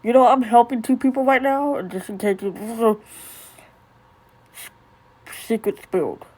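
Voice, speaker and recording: A woman's voice: fairly high pitch, unhurried, darkish tone. A woman voicing a crude, rude male ghost prankster who talks in a brash, mocking, pushy way.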